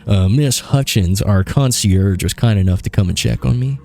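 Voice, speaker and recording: Man reading young game suspect, short evasive answers, deep, mellow. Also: moderate pace, creaky, faint music behind. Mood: guarded. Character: quiet young man under police questioning.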